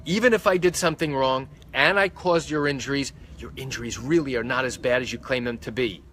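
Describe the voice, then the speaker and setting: A man's voice: mid-range voice, brisk, fairly bright tone, slight background noise, lightly acted. A man playing an indignant, defensive doctor. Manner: protesting, blame-shifting. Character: indignant defensive male doctor being sued.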